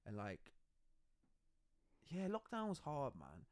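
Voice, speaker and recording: A man's voice: on the high side, huge pitch swings, slow pace, a little mellow, no room sound. A man hosting a casual podcast conversation, talking openly and confidingly and acting out the dialogue he quotes. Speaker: podcast host.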